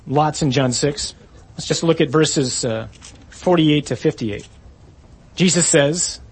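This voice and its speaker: A man giving a sermon, acting out scripture quotes and asking rhetorical questions with animated delivery. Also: fairly high pitch, husky. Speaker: preacher.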